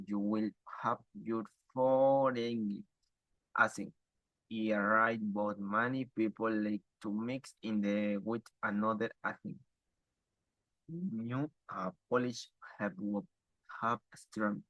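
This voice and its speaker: Man reading aloud for an exam; slow, halting delivery, lowish voice, dry close sound. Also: no echo, lo-fi sound. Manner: halting, stumbling reading with restarts.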